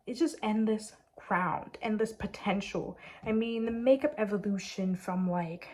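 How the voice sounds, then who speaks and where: A woman's voice: mid-range voice, a little slow, darkish tone. Chatty sarcastic young woman vlogging. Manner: chatty, sarcastic, filler-heavy with lots of "like". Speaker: beauty vlogger. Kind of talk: casual get-ready-with-me chat.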